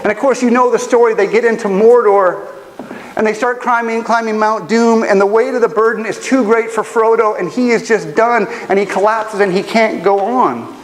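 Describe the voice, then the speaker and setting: A man's voice: high-pitched, fairly even intonation, normal speed. A man preaching a sermon as pastor, telling stories in an earnest, emotional way. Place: church auditorium. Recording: long church hall reverb, faint ambience.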